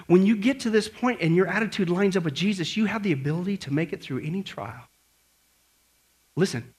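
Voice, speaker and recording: A man's voice: on the high side, husky. A male pastor preaching an emphatic sermon and quizzing the congregation.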